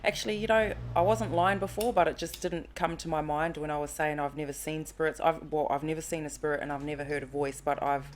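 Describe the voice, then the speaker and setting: A woman in her thirties chatting on a podcast, telling a personal story in an animated way and acting out the quotes. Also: deep voice, fast talker, few pauses, a little hiss or hum. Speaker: podcast guest. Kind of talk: casual conversation, storytelling.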